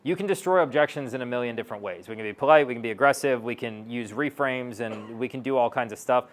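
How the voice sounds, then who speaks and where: A man's voice: medium pitch, fast talker. Brash male sales coach on stage, blunt, swearing, mid-range voice, acts out both sides of conversations. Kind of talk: stage talk to an audience.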